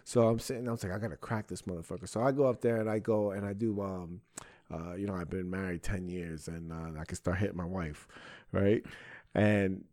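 A young man, a comedian and podcast host, telling a profane, animated story in casual chat. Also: sits low, normal speed, no echo, clean studio sound. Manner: profane, animated storytelling with frequent "bro" and "right?".

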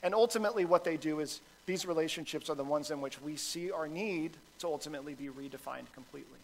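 A man's voice: fairly high pitch, fast, creaky, a little hiss or hum, low-quality recording. A man, a pastor with a son, preaching a sermon in a conversational, self-deprecating style full of fillers and restarts.

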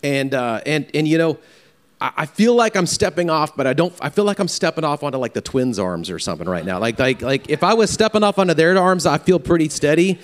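A man preaching a farewell sermon in an earnest, halting way, often repeating words as he speaks. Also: fairly high pitch, expressive. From Louisiana. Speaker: pastor.

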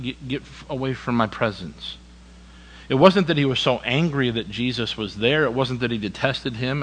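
A man's voice: mid-range voice, a bit bright, long reverb tail, low-quality recording. A man preaching a sermon in a church, with emphatic repetition and direct questions to the congregation. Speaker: pastor.

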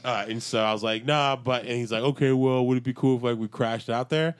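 Man, podcast co-host, rambling, swears a lot, filler words, mid pitch. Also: fairly even intonation, fairly quick, clean tone. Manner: rambling storyteller, swears freely, many fillers. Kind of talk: casual chat.

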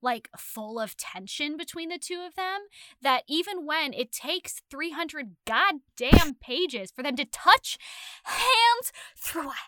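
High-pitched, bright, gushing woman host. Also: sing-song, slow, dry recording. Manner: enthusiastic, gushing, emphatic. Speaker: podcast host. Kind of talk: casual chat.

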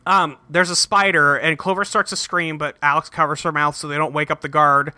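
A man's voice: on the high side, level tone, a little fast, bright, forceful tone, no room sound. A man recapping a cartoon episode in casual, profane, joking podcast chat, rambling with fillers, on a close mic. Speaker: podcast co-host.

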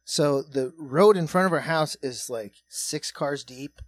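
Profane, animated man telling a story. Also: a little high, measured pace, no echo. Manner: profane, animated, swings between hushed and loud. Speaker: comedy podcast host. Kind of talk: casual comedic storytelling.

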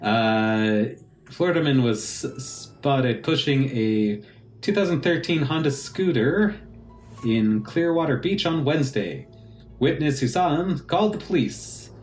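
Guy cohosting a podcast, slow and rambly, lots of uhs, roomy echo. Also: medium pitch, expressive, faint music behind. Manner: rambling, lots of uh fillers, playful put-on voices. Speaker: podcast co-host. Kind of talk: casual chat. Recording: echoey room.

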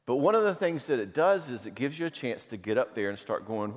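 A middle-aged man of medium pitch, talking a little fast, gives a conversational talk on marriage and anger filled with personal stories. He animatedly acts out the voices he quotes. Long hall reverb fills the recording.

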